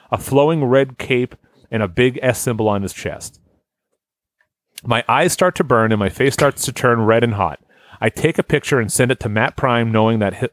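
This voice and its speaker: A man's voice: medium pitch, dry recording. Man reading a story aloud, laughing. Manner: laughs while reading, stumbles over words. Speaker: podcast host reading a listener story. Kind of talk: casual chat, reading aloud.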